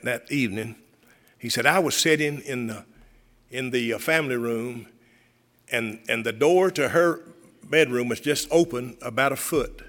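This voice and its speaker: A man's voice: mid-range voice, a bit bright. Older male retired pastor, fervent storytelling sermon delivery, recorded with long reverb in a church. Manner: storytelling preacher, rising to fervent appeals.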